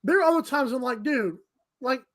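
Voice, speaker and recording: A woman's voice: high voice, normal speed, a bit bright. A woman co-hosting a sports radio show, blunt and sassy in her remarks. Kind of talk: casual sports talk.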